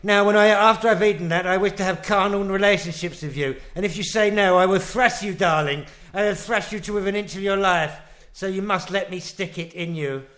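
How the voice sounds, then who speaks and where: A plummy, pompous English gent from an old black-and-white film, pitched a little high and bossing his darling about, as a man puts him on. Theatrical and self-satisfied, in an improvised comedy podcast skit. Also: a little fast, fairly bright tone. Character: pompous posh 1940s English gentleman husband.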